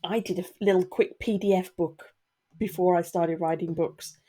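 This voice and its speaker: A woman's voice: on the low side, steady tone, moderate pace, mellow. A middle-aged woman vlogging candidly to her viewers, earnest and getting emotional, a little sniffly. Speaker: YouTuber. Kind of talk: candid talk to camera.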